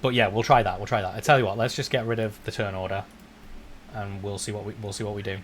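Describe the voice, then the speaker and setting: A man's voice: on the low side, quick pace, a little hiss or hum. Hesitant man running a game. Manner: hesitant, repeats words, relaxed. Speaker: game master. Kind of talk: running a tabletop game online.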